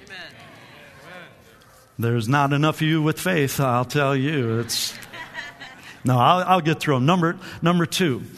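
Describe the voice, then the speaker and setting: A man's voice: on the high side, a little slow, long pauses, a bit bright. A male pastor preaching a sermon with lots of energy, calling on the congregation to answer back and often repeating his words as he restarts. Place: church sanctuary. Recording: long hall reverb.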